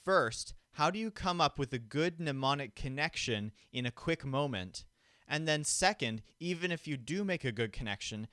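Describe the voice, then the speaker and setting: A man explaining a memory technique step by step in a clear, patient teaching voice, speaking into a microphone in front of him. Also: medium pitch, fairly bright tone, no room sound, clean studio sound. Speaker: memory instructor. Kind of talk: instructional explanation. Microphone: studio microphone in front of him.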